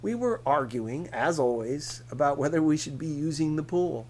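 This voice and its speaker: A man's voice: a little high, a little hiss or hum, rough recording. A man reading a novel aloud as an audiobook narrator. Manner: slow, lively storytelling. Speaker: audiobook reader.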